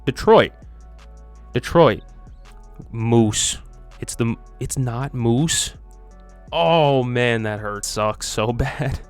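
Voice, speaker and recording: A man's voice: mid-range voice, drawn-out words, pauses often, smooth, faint music behind. A young man hosting a quiz video, chatting casually and thinking aloud with lots of ums and self-mocking asides. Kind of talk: casual commentary while playing a quiz.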